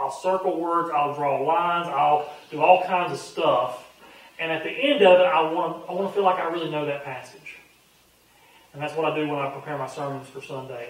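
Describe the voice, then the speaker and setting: Man, pastor, folksy Bible study talk, slightly high voice, very echoey church room, distant mic. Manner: folksy, earnest, conversational with frequent fillers. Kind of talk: casual Bible study teaching.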